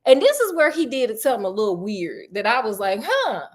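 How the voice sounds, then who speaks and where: A woman's voice: a little high, sing-song, fast. A woman host telling a true story in a casual, sassy, chatty way, full of slang asides.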